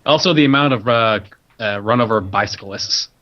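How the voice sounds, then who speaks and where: A man's voice: fairly low pitch, moderate pace, bright, forceful tone, dull audio. A man talking in a casual podcast chat, rambling through stories and laughing often at his own jokes. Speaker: podcast co-host.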